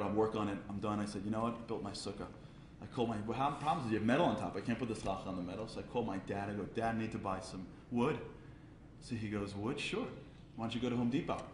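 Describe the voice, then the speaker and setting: A man's voice: on the low side, slight background noise. A man giving a humorous talk to a live audience, telling stories and acting out the dialogue before turning to a Torah lesson. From United States. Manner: storytelling with jokes, acting out dialogue. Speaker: speaker at a charity event. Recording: echoey room with faint ambience.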